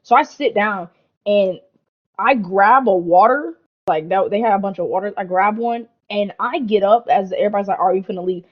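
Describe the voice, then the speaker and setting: A woman's voice: mid-range voice, normal speed, muffled recording. Slangy young woman telling a wild story. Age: young adult. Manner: animated, slangy, heavy swearing, lots of "like" and "bro". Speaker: podcast co-host. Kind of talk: casual storytelling chat.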